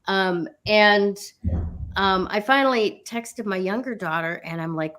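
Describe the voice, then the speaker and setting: A woman's voice: mid-range voice, normal speed, a bit bright. A middle-aged woman co-hosting a spiritual talk show, telling a personal story in a candid, casual way with frequent fillers and the odd swear word.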